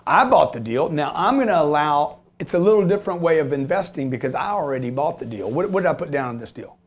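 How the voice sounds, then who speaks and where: A man's voice: a little high, expressive, fast, a little hiss or hum. A man in his fifties who talks about real estate investing, emphatic and repetitive, often asking "okay?" and swearing as he jokes. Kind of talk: animated business talk.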